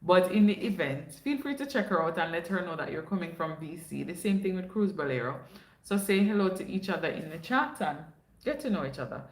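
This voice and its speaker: A woman's voice: lowish voice, animated, a little fast. Chatty Jamaican woman, echoey room. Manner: chatty storyteller, drops into patois. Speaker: livestream host. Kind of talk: casual livestream chat.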